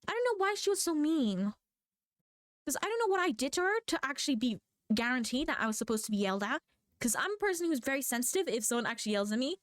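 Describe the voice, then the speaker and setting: A teenage girl ranting as a vlogger, telling stories in an animated, rambling way that keeps correcting itself. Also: high-pitched, dry recording, studio quality. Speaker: VTuber vlogger. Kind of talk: rambling rant.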